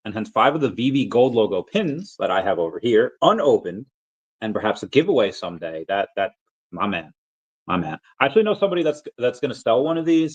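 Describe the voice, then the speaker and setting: Rambling low-voiced man hosting a livestream. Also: highs cut off. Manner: rambling, thinks aloud with many fillers. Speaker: crypto livestream host. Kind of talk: casual livestream chat reading super chats.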